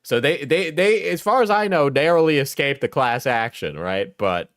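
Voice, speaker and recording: A man's voice: on the high side, lively intonation, moderate pace, fairly bright tone, dry recording, clean studio sound. A man reacting to a clip as a streamer, mocking and profane, with bursts of laughter. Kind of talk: reaction commentary.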